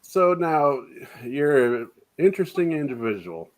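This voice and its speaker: A man's voice: fairly high pitch, unhurried. Teasing American man hosting a chat. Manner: relaxed, teasing, laughs easily. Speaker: host. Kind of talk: casual interview chat.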